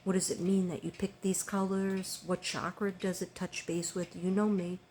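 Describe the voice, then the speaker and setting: A woman's voice: lowish voice, flat delivery, moderate pace, a little mellow, slight background noise. An older woman chatting casually to her viewers, rambling with many ums and restarts. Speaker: vlogger.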